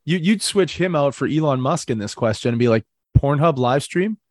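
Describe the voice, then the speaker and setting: Hosting a casual podcast chat, a man with a mid-range voice and lively intonation talks fairly quickly, with no room sound. He teases his guest and lays out crude hypothetical questions, laughing frequently.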